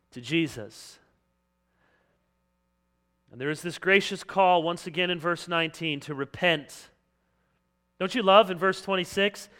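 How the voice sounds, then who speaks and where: Man, pastor, sermon, impassioned, bright forceful tone, slightly high pitch. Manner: impassioned, acts out quoted voices.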